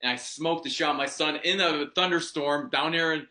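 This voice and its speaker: A man's voice: fairly high pitch, normal speed, sharp tone, reverberant. A man co-hosting a podcast, talking bluntly and profanely in casual chat and laughing easily. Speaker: podcast co-host.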